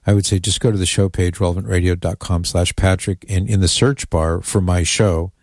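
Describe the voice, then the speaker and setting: Chatty male radio host, low voice. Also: fairly even intonation, a little fast, a little mellow, dry recording, studio quality. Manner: chatty, amused, reads listener emails aloud. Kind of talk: casual radio talk.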